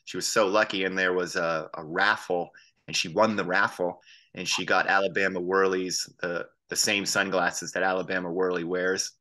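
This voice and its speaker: A man guest in a casual interview, telling animated anecdotes and acting out the voices of people he quotes. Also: low voice, moderate pace. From Boston area. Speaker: band frontman as guest.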